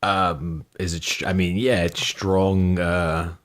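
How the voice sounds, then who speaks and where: An American man joins a casual chat and guesses aloud. He hesitates and restarts often. His voice is low. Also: little pitch movement, takes it slowly. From United States. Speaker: contributor.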